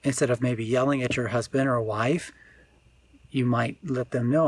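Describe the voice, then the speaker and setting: A man, a spiritual teacher, giving an unscripted reflective talk, often pausing and restarting as he searches for words. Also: mid-range voice, steady tone.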